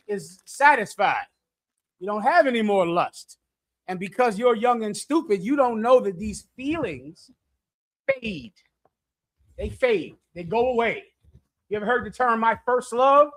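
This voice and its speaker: A middle-aged man preaching bluntly to young listeners, lecturing and swinging between loud and hushed delivery. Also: high-pitched. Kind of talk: street sermon with audience questions.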